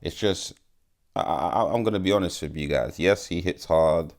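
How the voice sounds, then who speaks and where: Low-pitched man, casual fight vlogger, blunt and profane, restarts often. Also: moderate pace. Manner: blunt, profane, repeats himself. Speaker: MMA YouTuber. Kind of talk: casual fight prediction vlog.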